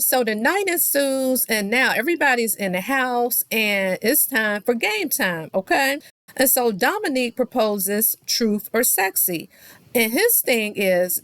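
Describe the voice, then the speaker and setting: A woman's voice: on the high side, a bit bright, no room sound. Chatty woman recapping a reality show. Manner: chatty, quotes people with playful voice swings; talks straight to viewers. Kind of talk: casual recap commentary.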